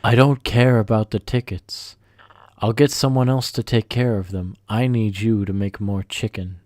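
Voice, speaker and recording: A harsh, irritable restaurant manager barks at a worker in a low, dark voice, berating him with no patience at all, played by a man. The sound is close and dry, with no room around it. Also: moderate pace, no echo, close to an everyday voice. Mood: angry. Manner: berating, impatient.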